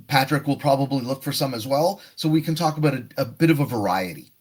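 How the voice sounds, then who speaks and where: A man's voice: medium pitch, fast talker, hardly any pauses, a little mellow, slightly rough. A man teaching a live online test prep lesson, explaining tasks and acting out sample answers. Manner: explanatory, demonstrative.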